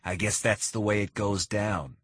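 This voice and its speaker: A man voicing a hot-headed kidnapper, raised and shouting. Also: lowish voice, fairly even intonation, moderate pace, breathy edge, no echo, clean studio sound. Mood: resigned. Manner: shouting, threatening. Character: hot-headed male hostage taker.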